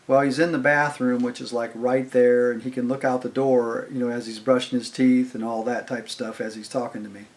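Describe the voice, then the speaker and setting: An older man spins a long, casual anecdote at his own loose pace. His voice sits at an ordinary middle pitch, and his telling wanders with fillers and restarts as he recounts what happened. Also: flat delivery, brisk, hardly any pauses. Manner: rambling, conversational, heavy on "I was like" and fillers. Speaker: channel host telling stories. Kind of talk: casual storytelling.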